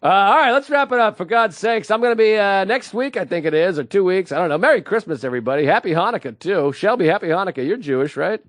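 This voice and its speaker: A man in his thirties co-hosting a comedy podcast, tossing off dry, deadpan one-liners. His voice sits high and moves a lot, and the sound is close and dry with no room behind it. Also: fast, few pauses, no echo. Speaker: podcast co-host. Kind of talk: casual comedic banter.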